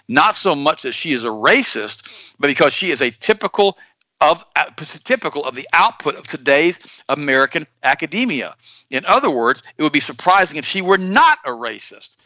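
A man hosting a talk radio show, telling stories and commenting on the news to his co-host in an animated, repetitive way. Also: medium pitch, no echo. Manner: storytelling, animated, repeats himself; addresses co-host directly.

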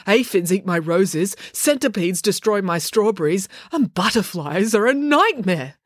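A woman's voice: mid-range voice, animated, unhurried, no room sound, studio quality. A woman voicing a fussy, germ-phobic middle-aged father who rants anxiously. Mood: outraged. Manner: anxious, fretful ranting.

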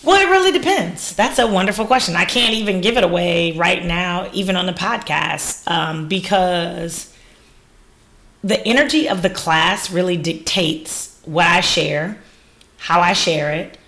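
Gravelly, animated woman telling stories. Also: fairly low pitch, unhurried. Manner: animated, laughing, exclamatory storyteller. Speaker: wine educator and business owner. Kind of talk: casual podcast interview.

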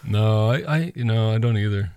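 Lowish-voiced man telling a rambling story. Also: a little fast, smooth, no echo, highs cut off. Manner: animated storyteller, rambling with restarts. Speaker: podcast co-host. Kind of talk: casual podcast chat.

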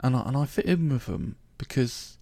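Gravelly London man chatting casually. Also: mid-range voice, normal speed, dark tone, no echo. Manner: chatty, joking, rambling. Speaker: podcast host. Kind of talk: casual solo podcast monologue.

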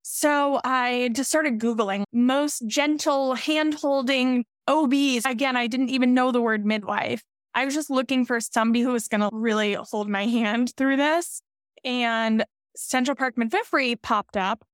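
A woman's voice: a little high, unhurried, clear, resonant tone, no echo, studio quality. A pregnant woman, a podcast guest, candidly and emotionally recounting her path through pregnancy loss to midwifery care. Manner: candid, emotional, animated quoting of others. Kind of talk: emotional personal storytelling.

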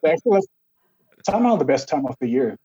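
A man's voice: on the high side, very animated, fast talker, warm tone, slightly rough, lo-fi sound. A man from Germany chatting hesitantly and with self-mockery on a video call. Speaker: guest. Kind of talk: casual video call chat.

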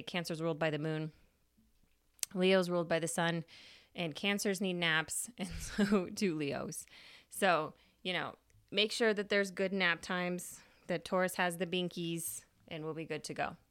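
A woman's voice: low voice, fairly bright tone, clear, resonant tone, no echo, clean studio sound. A woman hosting a podcast, telling a story in a chatty, casual way with free swearing. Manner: chatty, swears freely, laughs. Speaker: podcast host.

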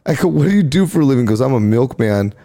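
Male comic, podcast guest, gravelly, lively storyteller. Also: medium pitch, racing. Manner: animated storytelling, acts out crowd exchanges, laughs often. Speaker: stand-up comedian guest. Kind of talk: casual podcast chat.

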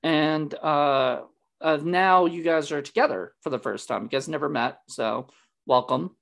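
A man's voice: fairly high pitch, unhurried, gravelly, a bit bright. A man hosting a casual movie discussion, rambling with many fillers and restarts. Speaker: podcast host.

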